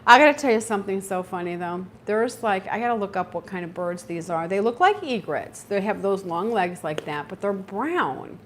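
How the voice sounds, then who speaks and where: A middle-aged woman hosts a homesteading livestream, chatting casually in a mid-range voice at normal speed with hardly any pauses. She's animated as she tells stories, acting out her own reactions.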